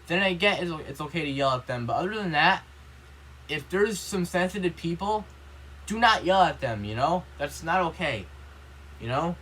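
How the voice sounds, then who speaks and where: A man's voice: fairly high pitch, lively intonation, normal speed, pushed and bright, breathy edge, poor audio. A young man vlogging an earnest, rambling rant, with constant "you know" and "like" fillers. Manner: earnest and upset. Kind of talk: casual rant to camera.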